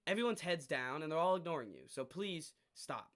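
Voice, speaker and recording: Animated, bright-voiced young man. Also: on the high side, fairly quick. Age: young adult. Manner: animated storyteller, acts out quoted exchanges. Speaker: podcast co-host. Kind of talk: casual chat.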